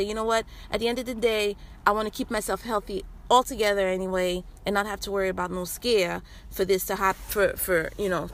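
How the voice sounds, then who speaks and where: A woman hosts her podcast in a loose, chatty way, wandering through her points with fillers and restarts. Her voice sits at an ordinary middle pitch. She is recorded inside a vehicle, with its sound faintly behind her. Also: fairly bright tone. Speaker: podcast host. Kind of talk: casual health talk.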